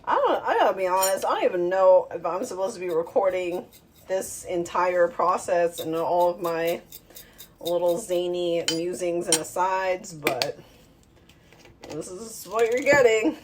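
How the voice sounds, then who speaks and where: A woman's voice: lowish voice, lively intonation, unhurried, noisy background. A woman talking to her phone while she cooks in her home kitchen, rambling and self-mocking as she thinks aloud. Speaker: home cooking vlogger. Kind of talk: casual talk while cooking.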